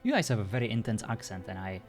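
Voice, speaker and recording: A man's voice: lowish voice, big pitch swings, fast, over music. A European man chatting casually with viewers as a streamer, laughing often and joking around.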